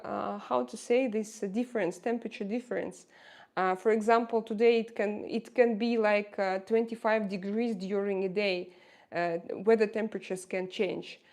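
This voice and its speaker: A woman's voice: a little high, a little mellow. Woman with a Russian accent, hesitant. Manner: hesitant, searching for words with many fillers. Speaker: livestream host reading viewer chat. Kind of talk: casual livestream chat.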